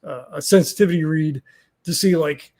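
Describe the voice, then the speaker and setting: A man's voice: fairly high pitch, normal speed, mellow. A man running a tabletop horror game as game master, rambling with many fillers and restarts.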